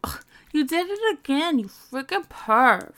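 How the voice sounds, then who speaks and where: A giggly, bossy young woman, played by a woman, in an audio role-play. She teases and scolds in mock disgust. Her speech is slow and her voice sits a little high. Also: very animated, fairly bright tone, full character voice. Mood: teasing. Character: teasing, bossy young woman on a phone call.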